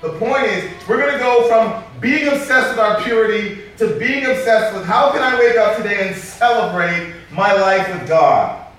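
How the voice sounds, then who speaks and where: A man preaching a sermon as pastor, lively and joking with the congregation. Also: high voice, moderate pace. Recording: echoey hall from far off.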